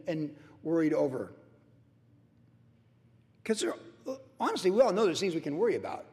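A man's voice: fairly high pitch, darkish tone, long reverb tail. A male pastor teaching a verse-by-verse sermon in a loose, conversational way, repeating himself for emphasis. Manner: conversational, repetitive, acts out worried voices.

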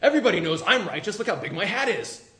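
Man playing a haughty, offended rabbi, pitched up, in a roomy space. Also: big pitch swings, quick pace, sharp tone, full character voice. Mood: indignant. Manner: haughty, outraged. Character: pompous indignant male rabbi, proud and touchy. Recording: roomy echo.

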